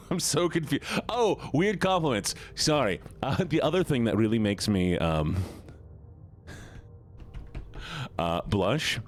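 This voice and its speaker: A man's voice: medium pitch, sing-song, takes it slowly, pauses often, soft background music. A man streaming live, chatting casually with viewers, rambling, stumbling over his words and giggling often. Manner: stumbles and restarts mid-sentence.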